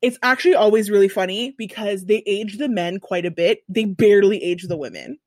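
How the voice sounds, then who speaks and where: A young woman chatting casually as a podcast host, telling an animated, profane story full of asides. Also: medium pitch, a little fast, no room sound, clean studio sound. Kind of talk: casual chat.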